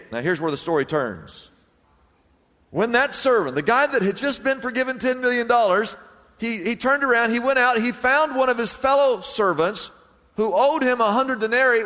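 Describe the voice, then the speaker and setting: A man preaching a sermon as pastor, swinging between loud emphatic bursts and hushed, low passages. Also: lively intonation, normal speed, big-room sound.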